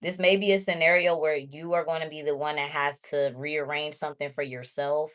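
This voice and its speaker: A woman's voice: low-pitched, fairly even intonation, fairly quick, a bit bright. A woman giving a casual tarot reading, chatty and blunt, talking straight to her viewers. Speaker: tarot reader.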